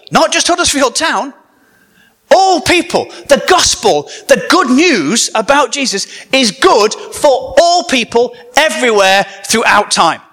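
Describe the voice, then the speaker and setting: Man, comedian preaching, high voice, animated, joking with audience. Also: moderate pace. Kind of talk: comedic sermon to a live audience.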